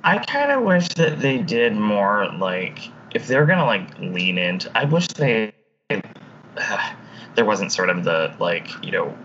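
Low-voiced man with lively swoops, lo-fi. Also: slow pace. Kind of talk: casual chat. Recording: dull lo-fi sound with faint room noise.

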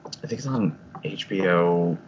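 A man's voice: low-pitched, measured pace, a little mellow, muffled recording, slight background noise. A man on a podcast in casual chat, hesitant and hedging with many fillers.

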